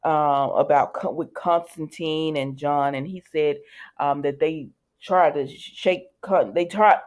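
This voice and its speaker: A woman's voice: low voice, fairly even intonation, unhurried, a little mellow. Woman vlogger, casual rambling recap, full of asides and restarts. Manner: rambling, many fillers and restarts, chatty asides. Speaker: soap opera recap vlogger.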